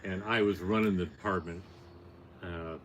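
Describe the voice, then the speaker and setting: An older man tells a story in a plain, matter-of-fact way, with a voice that sits a little low. He stays conversational and gets lively at the tense moments. A faint hiss runs underneath. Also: normal speed. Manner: plainspoken, matter-of-fact, building to animated peaks. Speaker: podcast guest, storyteller. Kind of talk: casual storytelling chat.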